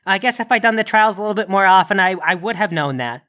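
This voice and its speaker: A man's voice: high-pitched, expressive, fast, pushed and bright. A man voicing a grumpy, defensive male Krampus demon who is a tired father, in a tabletop game. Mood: grumbling. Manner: defensive and grumbling.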